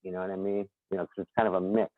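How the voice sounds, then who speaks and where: A man's voice: low-pitched, little pitch movement, rapid-fire, no echo. A man with a Boston accent, chatting as a podcast guest in a rambling, chuckling way. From Boston area, USA. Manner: rambling, chuckling, repeats himself. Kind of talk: casual chat. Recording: tinny phone-like call line.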